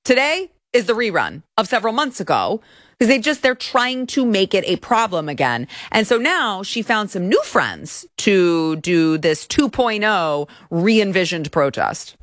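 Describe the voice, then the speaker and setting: A woman's voice: medium pitch, sing-song, measured pace, fairly bright tone, no room sound, clean studio sound. A woman hosting a political commentary show, speaking in a sarcastic, indignant tone. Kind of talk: opinionated commentary.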